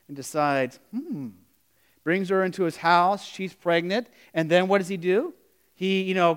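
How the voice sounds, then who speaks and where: A man's voice: high voice, fairly bright tone, clean tone. A pastor giving a conversational sermon, retelling stories and asking his congregation questions.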